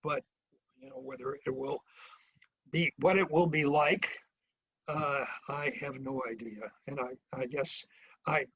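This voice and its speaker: An older man from the United States, a retired professor of international relations, answering interview questions in a halting way, with many restarts and some dry humour. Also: medium pitch, a bit bright, slight background noise, rough recording. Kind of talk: remote interview.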